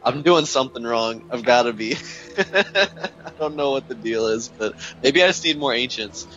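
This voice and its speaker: A man with a bright, forward tone talks through his game build in a rambling, self-doubting way. His voice sounds a little dull and lo-fi, with soft music in the background. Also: mid-range voice, lively intonation, normal speed. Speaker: podcast co-host. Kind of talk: casual gaming chat.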